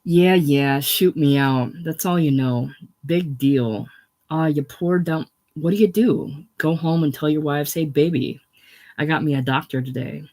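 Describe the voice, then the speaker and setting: Guy putting on an enraged doctor ranting at orderlies, loud and close to tears, kinda high voice. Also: unhurried. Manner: shouting, ranting, near tears. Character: furious male doctor committed to a psych ward.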